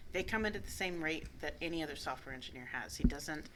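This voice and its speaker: A woman's voice: sits low, expressive, quick pace, noisy background. A woman co-hosting a talk show in casual chat, blunt and profane, telling stories with animation. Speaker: radio show co-host.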